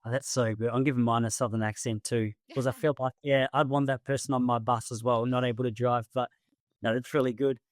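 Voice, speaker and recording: A man's voice: mid-range voice, fairly even intonation, brisk, no room sound, clean studio sound. A man hosting a podcast, talking casually and in a friendly way with some fillers. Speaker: podcast host. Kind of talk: casual interview talk.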